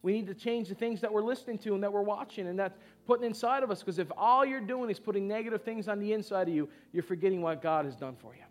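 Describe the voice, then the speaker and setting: Man, high-pitched, preaching, repeats short lines, call-and-response with congregation. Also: fast talker, few pauses. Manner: conversational, repeats short phrases. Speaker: pastor. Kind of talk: sermon. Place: church service before a congregation.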